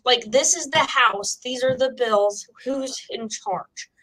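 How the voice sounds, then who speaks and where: A woman's voice: on the high side, takes it slowly, fairly bright tone, poor audio. A woman with a cough co-hosting a casual chat, rambling with lots of "like" and "you know". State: sick with a cough. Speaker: psychic co-host.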